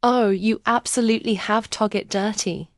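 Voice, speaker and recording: A woman's voice: mid-range voice, steady tone, normal speed, dry recording, clean studio sound, lightly acted. A woman voicing an enthusiastic, free-spirited woman painter in her fifties who speaks directly and encouragingly.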